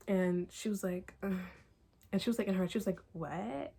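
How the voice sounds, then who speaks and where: A young woman giving a casual, exasperated book review at home, talking fast with many fillers and laughs. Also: mid-range voice, gravelly, warm tone, breathy edge.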